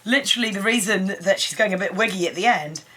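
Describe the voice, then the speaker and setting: A woman, chatting casually on an anime review show and acting out lines in high voices. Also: quick pace, a bit bright, breathy edge. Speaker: co-host of an anime review channel.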